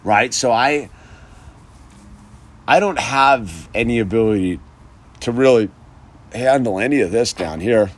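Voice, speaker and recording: A man's voice: mid-range voice, unhurried, long pauses. A man talking outdoors in his yard in a casual, rambling monologue about sobriety and faith, saying "dude" constantly. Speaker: vlogger speaking on sobriety and faith.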